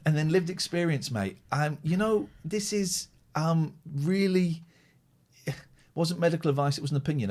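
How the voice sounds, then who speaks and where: A man's voice: a little high, very animated, normal speed, a little mellow. A man hosting a live call-in stream, chatting casually and reading viewer comments aloud.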